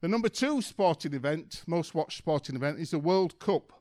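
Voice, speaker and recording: A man's voice: a little high, animated, moderate pace, dark tone. A man giving an informal church talk, telling a story in a chatty way with lots of ums. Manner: chatty storytelling, many ums and kind-ofs. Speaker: church speaker.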